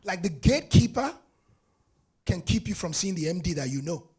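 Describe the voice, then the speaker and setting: Lively husky-voiced man, entrepreneur panelist, tells business stories with laughter. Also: high-pitched, moderate pace. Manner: animated, storytelling, laughs often. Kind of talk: panel discussion answer.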